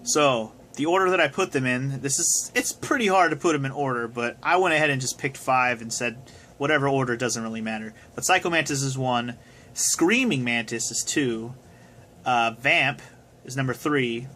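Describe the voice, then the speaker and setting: Bright-voiced young man chatting casually. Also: mid-range voice, moderate pace, a little hiss or hum. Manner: rambling, casual, swears. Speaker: video host answering viewer questions. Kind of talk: casual chat. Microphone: phone camera.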